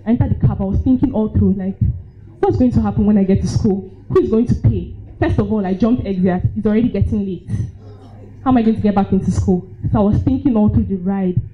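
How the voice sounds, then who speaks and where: Speaking quickly in a mid-range voice over soft background music, a young woman with a Nigerian accent tells a personal story to a live crowd, frequently laughing and performing how she reacted. The live audio is dull and lo-fi.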